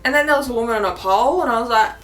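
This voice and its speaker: A woman's voice: a little high, racing. Chatty young Australian woman vlogger. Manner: chatty and excitable, laughs often, swears casually. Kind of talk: casual chat.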